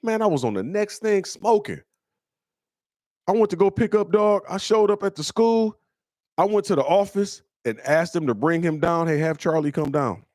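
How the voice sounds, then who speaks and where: Animated streetwise man spinning stories. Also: moderate pace, no echo, clean studio sound. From Michigan. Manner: animated, acts out quoted voices in a higher pitch; streetwise slang, blunt and preachy. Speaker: comedian host answering listener questions. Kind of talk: casual storytelling chat.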